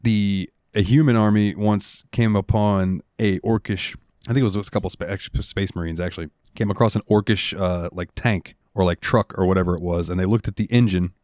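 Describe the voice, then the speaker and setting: A man's voice: on the low side, steady tone, brisk, a little mellow, no echo, clean studio sound. A young man co-hosting a gaming podcast, telling stories in a loose, rambling way with lots of fillers. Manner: rambling storyteller, lots of ums and likes. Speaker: podcast co-host. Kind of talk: casual chat.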